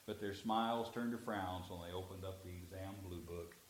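A man preaching a sermon, telling a story and swinging between quiet asides and loud emphatic lines. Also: low voice, steady tone, measured pace, a little hiss or hum. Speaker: pastor.

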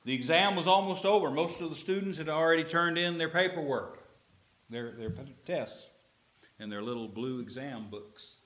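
A man preaching a sermon, telling a story and swinging between quiet asides and loud emphatic lines. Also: fairly high pitch, moderate pace. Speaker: pastor.

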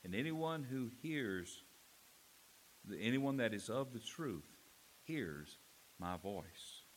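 A man voicing a calm, resolute condemned teacher, making firm, rising declarations. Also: medium pitch, slow, a little hiss or hum.

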